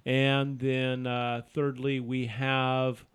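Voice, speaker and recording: A man's voice: mid-range voice, monotone, extremely slow, clear, resonant tone. A man hosting a casual word game with friends, reading out clues in a teasing, upbeat way. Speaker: game host.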